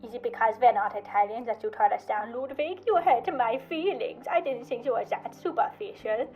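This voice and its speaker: A woman's voice: fairly high pitch, brisk, highs cut off, faint music behind, close to an everyday voice. A woman voicing a cocky, teasing drunk young man who whines at his brother. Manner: whiny, teasing.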